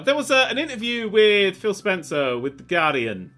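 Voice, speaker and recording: A young man co-hosting a gaming news show in loose, sweary chat. His voice is bright and edgy, and it leaps all over the place as he rants. He gets loud and heated in bursts. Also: high-pitched, moderate pace. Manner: sweary, ranting, animated. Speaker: host.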